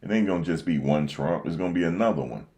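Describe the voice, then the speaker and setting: A man's voice: sits low, lively intonation, quick pace, darkish tone, breathy edge. A man with an East Coast accent hosting a casual livestream, reacting to the news in slangy, repetitive chat. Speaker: livestream host reacting to election results. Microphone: desk microphone.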